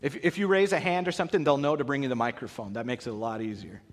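A man's voice: mid-range voice, fast. A man leading an interactive Bible lesson, asking the audience questions and acting out voices. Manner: animated, acts out voices, asks the audience questions. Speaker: pastor. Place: large hall with an audience. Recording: long hall reverb.

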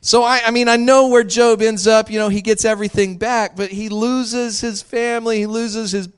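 A male pastor gives a sermon in a candid, chatty way, laughing easily between his points. His voice sits a little higher than most men's. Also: fairly even intonation, moderate pace, clear, resonant tone. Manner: candid and conversational, laughs often.

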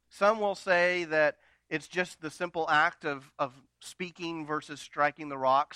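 A male pastor with a high, bright voice preaching a sermon. He acts out the quotes with real force and then drops to hushed, personal asides. The sound is close and dry, with little room around it. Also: clean tone, no room sound.

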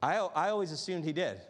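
A pastor with a somewhat high voice for a man preaches to a congregation in a relaxed, conversational style. Rhetorical questions keep his listeners engaged, and his words echo with the long reverb of a large sanctuary.

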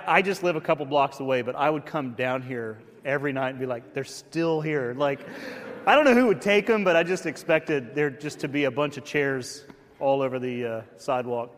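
Chatty man pastor in a reverberant hall. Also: medium pitch. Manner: chatty, self-deprecating, animated storyteller. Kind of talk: casual church announcements with storytelling. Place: church sanctuary.

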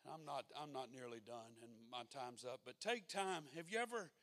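A man's voice: medium pitch, moderate pace, fairly bright tone. A man preaching a sermon in a folksy, conversational way that rises to fervent exhortation.

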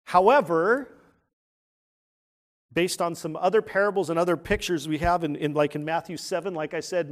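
A man preaching a sermon in a conversational way, asking the congregation questions and dropping to a hushed tone for serious points. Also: on the high side, moderate pace. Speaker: pastor.

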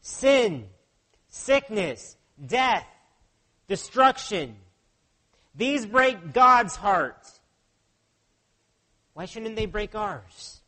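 A man with a notably high voice delivers a sermon as a pastor. He speaks earnestly and keeps turning to his listeners with rhetorical questions. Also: very animated, extremely slow, pauses often, bright, forceful tone.

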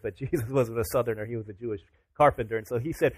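A man's voice: medium pitch, fast talker, a little mellow, husky, dry recording. A man preaching a sermon to his congregation, casual and chatty, rising to emphatic declarations. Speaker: pastor.

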